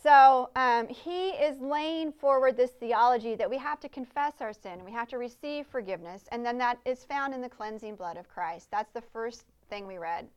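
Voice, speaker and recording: A woman's voice: fairly high pitch, normal speed, hardly any pauses, clear, resonant tone. A woman preaching a conversational sermon in a church service, earnest and chatty, often asking the congregation questions.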